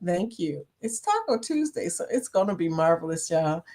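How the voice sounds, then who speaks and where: A woman's voice: lowish voice, sing-song, normal speed, darkish tone. A woman with a Southern US accent hosting a casual livestream, chatty, laughing often and greeting viewers by name. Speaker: livestream host.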